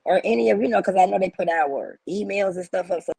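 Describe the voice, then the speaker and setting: A woman's voice: mid-range voice, quick pace, vocal fry, a little mellow, breathy edge, no echo. A woman hosting a livestream, ranting in a blunt, profane and preachy way. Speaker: livestream host. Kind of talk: heated livestream rant.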